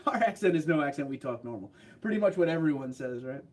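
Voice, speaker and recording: A man's voice: fairly high pitch, lively intonation, fast, a little mellow. Chatty New York man hosting a livestream. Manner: chatty, joking. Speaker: livestream host. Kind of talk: casual livestream chat, reading comments.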